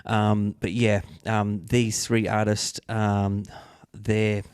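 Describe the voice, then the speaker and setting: A man with an Australian accent co-hosts a casual talk show, upbeat and chatty, joking at his own expense. His voice sits low. The recording is dry and close. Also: completely flat delivery, slow pace, darkish tone, clear, resonant tone, no room sound. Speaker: co-host. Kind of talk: casual podcast chat.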